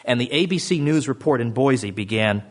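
A middle-aged man speaks to an audience at a mid-range pitch. He lectures in a loose, conversational way. He tosses off mocking, sardonic asides with sudden leaps in pitch. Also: expressive, moderate pace. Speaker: author giving a talk. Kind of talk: public speech to an audience.

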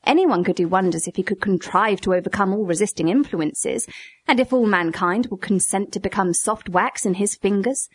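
A woman's voice: mid-range voice, moderate pace, breathy edge, no room sound. A woman reading a dialogue aloud expressively, lifting her voice in the questions and exclamations. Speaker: narrator. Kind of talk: read-aloud dialogue narration.

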